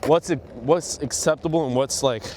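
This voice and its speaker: A man's voice: medium pitch, moderate pace, heavy background noise. A young man talking casually to camera as a skateboarding vlogger, rambling and swearing. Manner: swears a lot, exasperated rambling. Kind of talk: casual vlog talk to camera.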